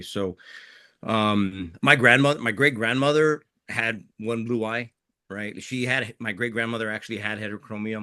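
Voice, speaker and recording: A man's voice: lowish voice, bright, forceful tone, clear, resonant tone, dry recording, studio quality. A middle-aged man from southern New Mexico, a veteran guest telling personal stories in an interview, candid and emotional, with frequent restarts. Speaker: guest, Green Beret veteran. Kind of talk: conversational storytelling interview.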